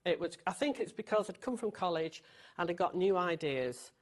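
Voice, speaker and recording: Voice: mid-range voice, animated, moderate pace. A guest designer in their sixties, friendly and matter-of-fact, recalling past work in a studio chat.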